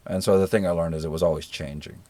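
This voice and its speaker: A middle-aged American man with a very deep, husky voice, talking as a guest in a relaxed interview. He tells stories in an easygoing, self-deprecating, folksy way. The sound is dry and close. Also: quick pace, dry recording. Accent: generic American. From rural Georgia, American South. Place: living in New Zealand.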